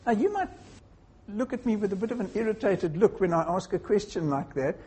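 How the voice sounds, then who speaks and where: A preacher giving a sermon to a congregation in a measured way, posing rhetorical questions. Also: mid-range voice, lively intonation, mellow, husky.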